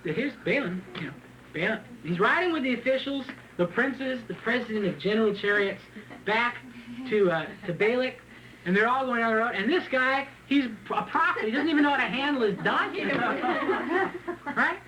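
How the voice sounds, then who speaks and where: A man preaching a sermon, reading scripture and then retelling it in a joking, animated way with frequent laughs. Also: extremely high pitch, moderate pace, background noise. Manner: animated, joking, laughs often at his own asides; reads scripture aloud and then retells it in plain talk. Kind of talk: sermon with Bible reading and commentary.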